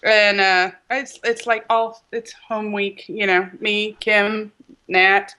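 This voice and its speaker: Slow-talking giggly woman co-host. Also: mid-range voice. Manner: giggly, excitable. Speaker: podcast co-host. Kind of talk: casual podcast chat.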